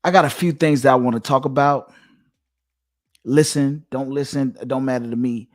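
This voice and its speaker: A man's voice: mid-range voice, steady tone, normal speed. A man hosting his own channel, talking straight to his viewers in a lecturing, emphatic monologue that circles back and repeats its points. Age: adult, father of two. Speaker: channel host giving dating commentary. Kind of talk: direct-to-camera monologue.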